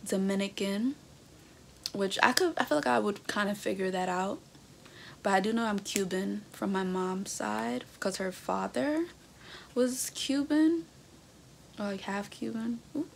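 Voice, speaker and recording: Chatty young woman with a gravelly edge. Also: medium pitch, moderate pace, slight background noise. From North America. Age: 20s. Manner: chatty, animated, reading results aloud with reactions. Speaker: vlogger. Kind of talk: casual reaction vlog. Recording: background music under the voice. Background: music.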